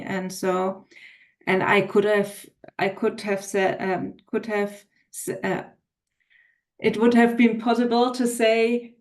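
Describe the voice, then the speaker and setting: A woman's voice: mid-range voice, flat delivery, slow. A woman podcast host sharing a personal story in a thoughtful, hesitant way with many fillers. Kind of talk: casual interview talk.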